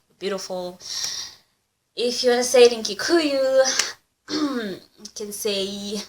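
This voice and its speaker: A young woman chats casually to her viewers in a relaxed vlog. Her voice sits at a middle pitch. She talks playfully and laughs often. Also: moderate pace, slight background noise, rough recording. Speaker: vlogger.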